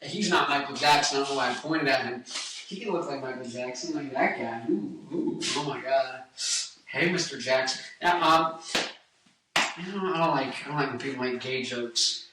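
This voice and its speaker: A man's voice: mid-range voice, brisk, distant mic, background noise. A man in his twenties, a singer, talking casually about vocal technique in a rambling, jokey way and breaking into sung snippets. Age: 20s. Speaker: singer and guitarist giving vocal tips. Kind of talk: casual vlog with sung demonstrations. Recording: echoey room, voice a bit off-mic.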